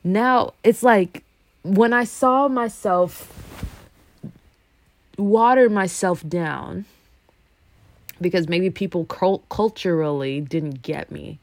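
A young woman from a Congolese family, talking casually and animatedly, swinging from loud bursts to low asides. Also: slow, pauses often, no room sound. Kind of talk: casual monologue.

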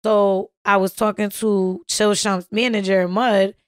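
A woman's voice: mid-range voice, level tone, a little slow, clean tone, no echo, clean studio sound. A woman recording artist in a casual chat, telling stories about making records in a slangy, easygoing way. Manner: storytelling, slangy, retells exchanges.

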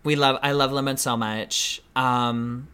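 A man chats as co-host of a casual podcast, talking in an animated, campy way. His voice has a bright, forward edge. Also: mid-range voice, a little slow, smooth. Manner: animated, campy, acts out quotes. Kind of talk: casual chat.

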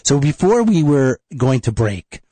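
A man's voice: mid-range voice, very animated, unhurried, dark tone, no room sound. A man hosting a radio talk show, a little congested from a cold, talking in a plain conversational way. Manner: conversational, repeats phone numbers. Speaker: radio host.

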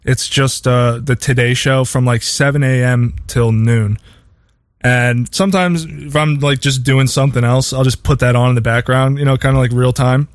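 A man's voice: mid-range voice, steady tone, moderate pace, no room sound, clean studio sound. A man hosting a casual podcast chat, telling anecdotes and chuckling often as he goes. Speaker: podcast host.

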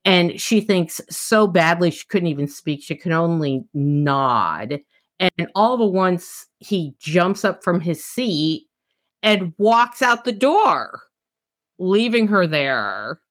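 A woman co-hosting a casual book podcast, reading her highlighted passages with lots of laughing. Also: slow pace, no room sound, clean studio sound. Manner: animated, laughs often, reads highlighted passages. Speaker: podcast co-host.

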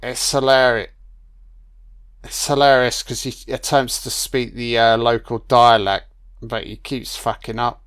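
A man talks over a film in loose, jokey commentary, swearing freely and trailing off into "you know?" asides. His voice is smooth and clear, sitting at an ordinary middle pitch. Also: flat delivery, measured pace, a bit bright, no room sound, studio quality. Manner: profane, joking, rambling asides with "you know?". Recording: audio-only commentary.

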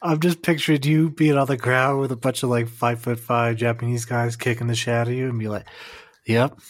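A man's voice: medium pitch, little pitch movement, fast, no echo. A man co-hosting a podcast in casual chat, joking and teasing, breaking into goofy voices. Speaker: podcast co-host.

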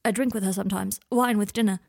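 A woman voicing a distraught young man wizard, speaking in frantic, halting bursts in a storybook reading. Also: medium pitch, fairly even intonation, vocal fry, darkish tone. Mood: confessing.

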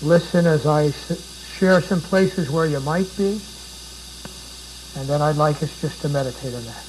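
A man's voice: a little high, normal speed, darkish tone, slight background noise, poor audio. A man preaching a sermon, dramatic and pleading, with repeated rhetorical questions.

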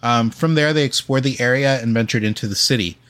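A man co-hosting a casual history podcast reads facts from his notes, peppering them with ums and uhs. His mid-range voice is brisk and a bit bright.

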